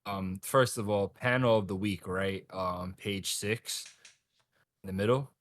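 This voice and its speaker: A man's voice: on the low side, measured pace, fairly bright tone, no room sound. A man co-hosting a podcast, sharing his thoughts with wry quips and loose rambling. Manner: wry one-liners, then rambling opinions. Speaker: podcast co-host. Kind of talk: casual podcast chat.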